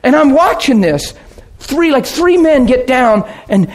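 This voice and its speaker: A man's voice: extremely high pitch, sing-song, a little slow. A man preaching a sermon, telling healing stories and acting out scenes with gasps and laughter. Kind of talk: sermon storytelling.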